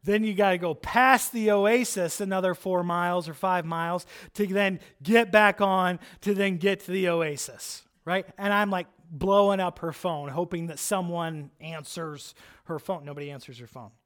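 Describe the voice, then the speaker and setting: A man preaching, telling a personal story in an animated, chatty way, with lots of "like" and "right?". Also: sits high, normal speed. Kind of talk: storytelling sermon.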